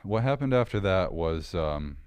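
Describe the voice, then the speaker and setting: Very deep-voiced man telling his story. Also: animated, moderate pace, smooth, dry recording. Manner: earnest, candid storytelling with frequent restarts. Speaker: podcast guest. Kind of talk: personal story in casual interview.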